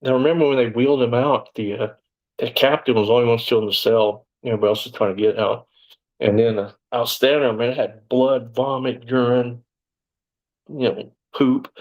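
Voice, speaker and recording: A man, an interview guest telling his story in blunt, profane conversation and bursting out loudly when he quotes himself. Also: medium pitch, fairly even intonation, a little fast, lo-fi sound. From Texas, USA.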